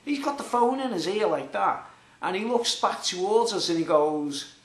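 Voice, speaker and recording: A man, chatty and animated, telling a long rambling story to his viewers. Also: high-pitched, normal speed, roomy sound. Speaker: vlogger.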